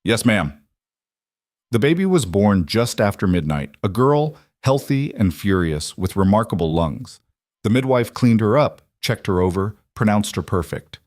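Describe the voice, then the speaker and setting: Low-voiced man narrating a western romance. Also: expressive, moderate pace, a little mellow, dry recording, studio quality. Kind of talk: scripted storybook narration.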